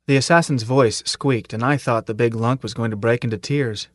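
A man reading an audiobook in measured, even storytelling narration. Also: mid-range voice, no echo, clean studio sound. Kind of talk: scripted narration.

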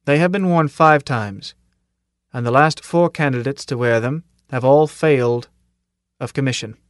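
A man's voice: medium pitch, unhurried, no echo, close to an everyday voice. Stern old army commandant , a guy putting it on, clipped and bossy, dry close sound. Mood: commanding. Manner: clipped, authoritative, with pointed questions. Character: stern older male military commandant, gruff and commanding. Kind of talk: audiobook character reading.

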